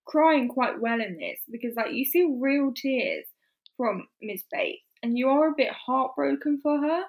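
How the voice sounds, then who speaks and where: A woman with a high voice chats in an animated, lively way. She laughs often and slips into quick impressions of characters as she retells scenes. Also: low-quality recording. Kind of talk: casual chat recapping a period drama.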